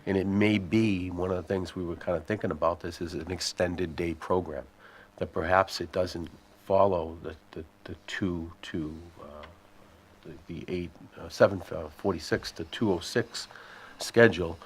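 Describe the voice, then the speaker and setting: A man serving as school superintendent, answering committee questions in a measured, explanatory way and thinking aloud as he goes. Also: low-pitched, steady tone, slight background noise.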